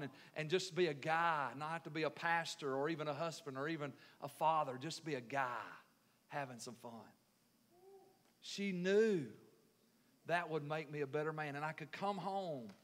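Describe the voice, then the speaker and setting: High-voiced preaching man in a hall. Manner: builds from quiet to loud preaching. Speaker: pastor. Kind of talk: sermon. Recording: echoey hall reverb.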